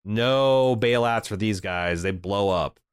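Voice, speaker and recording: A man's voice: fairly low pitch, slow, smooth, no echo, clean studio sound. A man co-hosting a podcast, recapping an episode in a casual, profane, jokey way. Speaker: podcast co-host.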